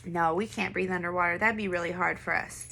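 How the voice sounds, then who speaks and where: Her voice is lowish, gravelly, pushed and bright, with fairly even intonation and a slightly quick pace. Leading an online first grade class, she patiently asks questions, encourages the kids, and has them echo words back.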